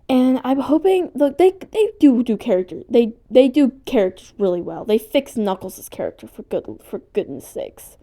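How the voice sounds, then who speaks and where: Sidetracked at every turn, a woman rambles casually through a home vlog, getting excited and cursing now and then. She speaks at a medium pitch.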